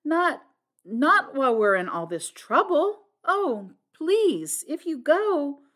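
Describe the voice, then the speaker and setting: A woman's voice: mid-range voice, big pitch swings, normal speed. A woman voicing a playful, teasing young woman in a storybook reading. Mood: teasing, eager. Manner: teasing, mischievous.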